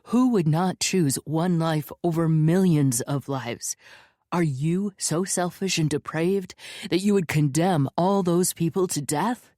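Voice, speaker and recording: A woman voicing an anguished, stern older man who argues forcefully and pleads his case. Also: deep voice, measured pace, no room sound, clean studio sound.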